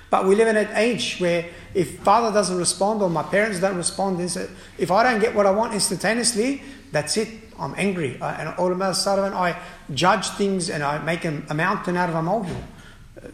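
Man, priest, high voice, forceful sermon, uh fillers, roomy echo. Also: slight background noise. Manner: forceful preaching with frequent uh fillers and restarts. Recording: echoey room.

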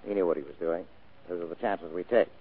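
An actor playing a hard-boiled private detective in a vintage radio drama, terse and dryly wisecracking. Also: male voice, low voice, fast talker, breathy edge. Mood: dry, wry. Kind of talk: 1940s radio acting. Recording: tinny old radio broadcast recording.

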